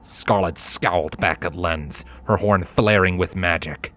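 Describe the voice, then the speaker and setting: Deep-voiced man narrating a story. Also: measured pace, fairly bright tone. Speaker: fanfiction reader. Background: faint background music.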